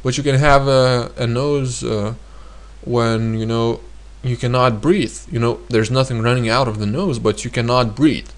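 Each phrase gets repeated several times as this man teaches a language lesson, his voice medium in pitch and his pace measured. He explains things in a relaxed way, thinking aloud and using many fillers.

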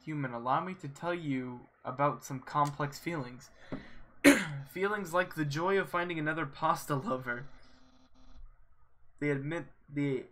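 A man's voice: on the high side, measured pace, fairly bright tone. A man reading as a boastful goofy skeleton. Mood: grandiose. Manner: grandiose, self-important. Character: boastful goofy male skeleton, proud and eager. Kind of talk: reading game dialogue aloud.

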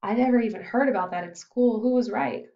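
A woman's voice: fairly high pitch, a little fast, roomy sound, muffled recording, natural voice. A woman voicing an eager, curious teenage boy who is a boxer, asking many questions.

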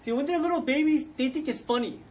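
A man's voice: very high voice, fast, a little mellow, recorded from a distance, low-quality recording. A middle-aged man preaching a sermon in church, chatty and conversational, acting out the voices of parents and children as he goes. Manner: conversational, acts out quoted voices. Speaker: pastor. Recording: faint noise, voice from off the mic.

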